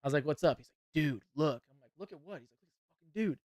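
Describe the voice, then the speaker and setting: A man's voice: on the high side, animated, racing, a little mellow, dry recording, studio quality. A young man hosting a podcast, telling a profane story with lots of laughter, then commenting on a fight. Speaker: podcast host.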